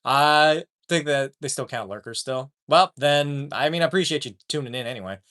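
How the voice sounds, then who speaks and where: A man's voice: medium pitch, normal speed. A man chatting casually with his live-stream audience, joking and swearing often. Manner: profane, animated, joking.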